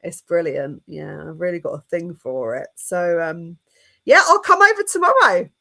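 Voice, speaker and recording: A woman's voice: fairly low pitch, expressive, normal speed, vocal fry, pushed and bright. A woman with a British English accent, a guest on a casual livestream chat, chatty with frequent restarts. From England. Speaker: guest channel host.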